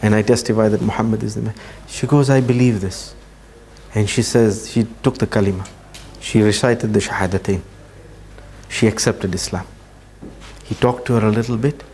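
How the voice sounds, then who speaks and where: A man giving a religious talk, telling a story earnestly and slowing down for emphasis. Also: on the low side, steady tone, darkish tone, slight background noise. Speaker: Islamic speaker.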